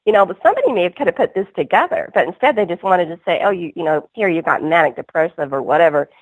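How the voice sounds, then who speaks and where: A woman's voice: mid-range voice, husky, dry recording. A woman guest on a call-in radio interview, telling her story earnestly in a rambling way, full of restarts. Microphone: phone. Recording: tinny phone line.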